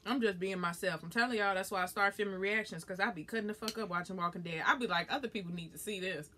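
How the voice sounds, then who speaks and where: A woman's voice: mid-range voice, fast, a little hiss or hum. A young woman with a Southern US accent, chatting casually and bluntly while eating and reading viewer comments. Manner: blunt, profane, animated.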